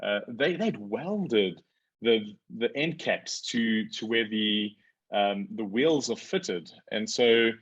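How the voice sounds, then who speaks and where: A man in his forties telling a story as a guest in a casual conversation, lively when he quotes others. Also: lowish voice, slow, breathy edge, muffled recording.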